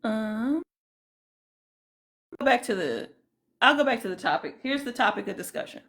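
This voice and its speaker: A woman's voice: a little high, animated, moderate pace, creaky, fairly bright tone. Chatty woman greeting livestream viewers. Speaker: livestream host. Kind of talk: casual livestream chat.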